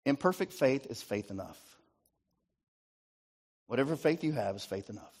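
Lively pastor preaching with call-and-response. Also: male voice, medium pitch, moderate pace. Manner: rhetorical call-and-response, repeated "right?". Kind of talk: sermon.

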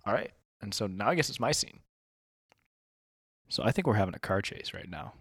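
A man's voice: fairly low pitch, animated, a little fast, a bit bright, husky, dry recording. Man narrating a dry, close comedy role-play. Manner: laughing, rambling, full of restarts. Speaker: game master.

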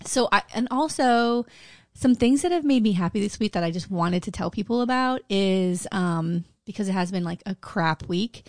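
A woman co-hosting a podcast, speaking into a microphone in a dry, close sound. She tells animated stories with plenty of swearing and jokes about herself. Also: mid-range voice, normal speed, no room sound. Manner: animated, profane, self-mocking storytelling. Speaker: podcast co-host. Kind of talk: casual chat.

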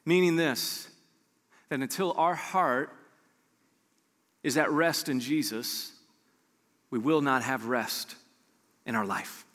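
A man preaching a sermon as pastor, animated and acting out his listeners' replies. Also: on the high side, slow pace, pauses often, long reverb tail.

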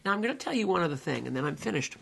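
A man in his seventies with a gravelly, husky voice hosts a solo podcast. He retells an old television episode earnestly, leaning hard on key words and pausing often with small hesitations. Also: on the high side, very animated, fairly bright tone. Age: 70s. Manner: earnest, emphatic storytelling with many hesitations. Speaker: podcast host.

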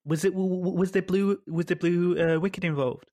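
A man's voice: high voice, fairly even intonation, fairly quick, a little mellow. A man on a football podcast teasing his co-host. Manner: teasing, laughing. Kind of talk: casual podcast chat.

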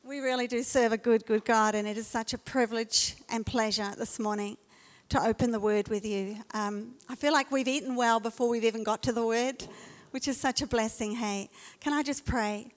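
High-voiced woman preaching in a hall. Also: steady tone, moderate pace. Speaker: pastor. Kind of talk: sermon. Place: church auditorium. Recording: long church hall reverb.

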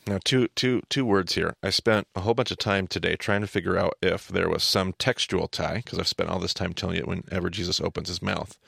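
A man hosting a podcast, explaining Bible stories in a casual, animated teaching manner. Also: low voice, fairly quick, creaky, hardly any pauses, husky, dry recording, studio quality. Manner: animated, explanatory, repeats words when starting a thought.

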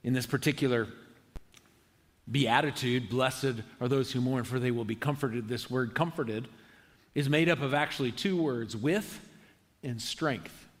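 A man preaching a conversational sermon as pastor, earnest and halting, often restarting his sentences. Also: mid-range voice. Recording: long hall reverb.

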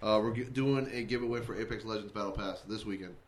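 A man guesting on a podcast as a streamer, animated and swearing often in casual banter. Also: on the low side, quick pace.

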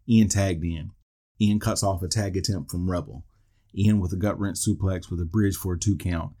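A man with a deep, warm voice hosts a podcast, giving a play-by-play recap of a wrestling match. Between call-outs of the moves, he drops dry asides and wisecracks.

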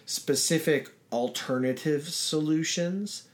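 A man co-hosting a casual chat about running tabletop games, talking in a relaxed, rambling way with many fillers and restarts. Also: fairly high pitch, takes it slowly. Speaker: podcast co-host.

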